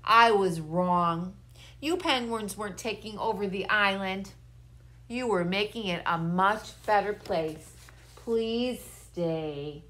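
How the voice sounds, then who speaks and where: A woman voicing a grumpy, bossy male polar bear in a children's storybook, speaking in a loud raised voice. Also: mid-range voice, takes it slowly. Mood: apologetic.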